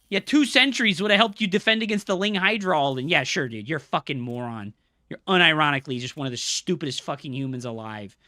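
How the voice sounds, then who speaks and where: A man's voice: fairly high pitch, expressive, fast, sharp tone, no echo, studio quality. A man streaming a strategy game live, ranting at his chat in a profane, scolding way. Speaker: streamer and coach.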